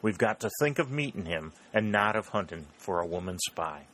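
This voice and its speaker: A man's voice: low-pitched, lively intonation, normal speed, fairly bright tone, slight background noise. A man voicing a blunt, impatient mountaineer general who drops his g's and speaks with emphasis. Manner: folksy, dropped g's, emphatic.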